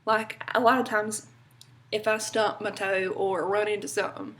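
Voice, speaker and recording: A young Southern-accented woman from North Carolina, USA, vlogs casually to camera, rambling with plenty of fillers and little laughs. Her mid-range voice is fairly bright, delivered flatly at normal speed, with a little hiss or hum in the background.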